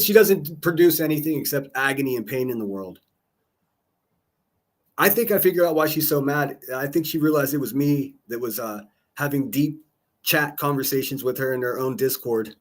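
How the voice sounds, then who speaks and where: A man with a husky, somewhat raspy voice hosts a livestream, swearing freely and jabbing at rivals. His talk is combative and mocking, and it swings loud and quiet as he shouts down enemies and greets chat. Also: mid-range voice, a little fast. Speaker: livestream call-in host.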